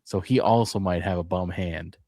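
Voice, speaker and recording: A man's voice: sits low, moderate pace, dark tone, no room sound, clean studio sound. A man co-hosting a casual podcast chat, playful and tired, often cutting in. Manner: playful, jumps in singing song lines. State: tired, up since early morning. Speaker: podcast co-host.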